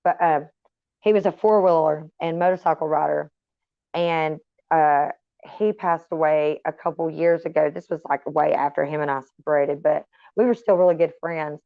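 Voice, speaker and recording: Middle-aged woman vlogger, lower voice, chatty and profane, dull dry sound. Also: steady tone, normal speed, vocal fry, no echo. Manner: chatty, swears freely, wanders off on tangents. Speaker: vlogger talking to viewers. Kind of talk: casual rambling chat. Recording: slightly dull, dry recording.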